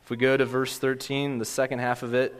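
A man's voice: mid-range voice, level tone, a little fast, clean tone, in a large hall. A man preaching a sermon in an earnest, conversational way, often restarting his sentences. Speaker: pastor.

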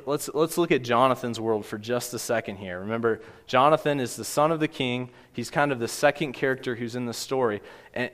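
A man's voice: medium pitch, in a large hall. A man preaching a sermon in an earnest, conversational way, often restarting his sentences. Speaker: pastor.

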